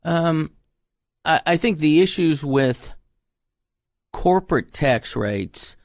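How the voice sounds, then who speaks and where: A man's voice: on the high side, animated, slow, dry recording, studio quality. A man, a tax advisor guest on a radio talk show, chatting in a folksy way and acting out his clients' lines as he tells stories. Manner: folksy storyteller, acts out client dialogue.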